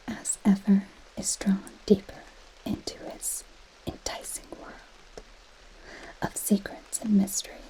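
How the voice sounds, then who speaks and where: A woman playing a snarky, possessive goth girl friend in a whispered role-play. She reads aloud in a slow, unhurried hush and drops sarcastic, mocking asides. The whisper is close and soft, with a dry, teasing edge. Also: medium pitch, completely flat delivery, poor audio. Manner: sarcastic, mocking commentary while reading aloud. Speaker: ASMR creator.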